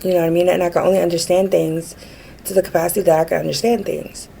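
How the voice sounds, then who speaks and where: A low-pitched woman with a gravelly edge to her voice talks through a personal rant, earnest and frustrated. Her tone is dark and mellow, and a faint hiss of background noise sits under the recording. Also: little pitch movement, fast, poor audio. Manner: earnest, frustrated, many fillers and restarts. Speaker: vlogger.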